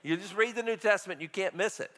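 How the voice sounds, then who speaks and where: A man preaching a sermon in a conversational, animated way, chuckling now and then. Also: high-pitched, fast.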